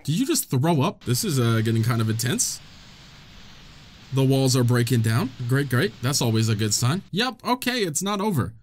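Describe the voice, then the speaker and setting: A man's voice: mid-range voice, very animated, moderate pace, a little hiss or hum. A young man hosting a let's-play, commentating casually and joking back at the game's characters. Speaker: gaming channel host.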